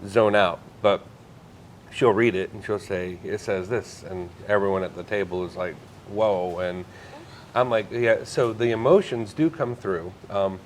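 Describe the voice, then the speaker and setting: A man with a somewhat low voice talks through his experiences as a medium in an easygoing podcast chat. He tells his stories earnestly and lets the emotion show. A faint hiss sits under the recording. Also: a little slow. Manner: storytelling, earnest, gets emotional. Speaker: psychic medium guest. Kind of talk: relaxed podcast conversation.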